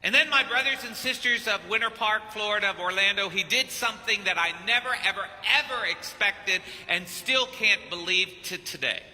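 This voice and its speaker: A priest from Kentucky tells a sermon story with lively acted-out dialogue. His high voice has a sharp, bright edge. It carries with a long, ringing church reverb. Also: normal speed, hardly any pauses. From Kentucky, United States. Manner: animated storyteller who acts out dialogue. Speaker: priest and missionary preacher. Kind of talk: anecdotal sermon.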